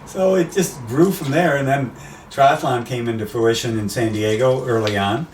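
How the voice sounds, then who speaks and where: An older American man, a race announcer, telling animated stories in a casual interview. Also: mid-range voice, moderate pace, distant mic. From USA. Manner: animated anecdotes, acts out quoted voices. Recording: roomy, off-mic, faint background noise.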